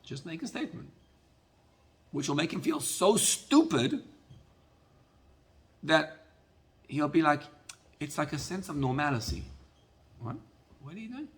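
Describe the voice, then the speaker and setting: A man teaching a Torah class as a rabbi, telling a story in an animated way and often repeating words. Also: fairly high pitch, unhurried, long pauses.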